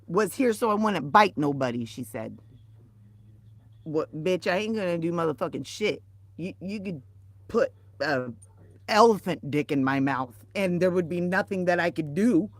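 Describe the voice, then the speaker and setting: A woman telling a story on a casual livestream, animated and profane, swinging from loud outbursts to quiet asides. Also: a little high, dry recording.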